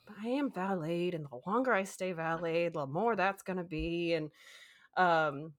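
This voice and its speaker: A woman's voice: on the low side, moderate pace. A woman co-hosting a podcast, casually telling a long story, acting out quotes and laughing often. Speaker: podcast co-host.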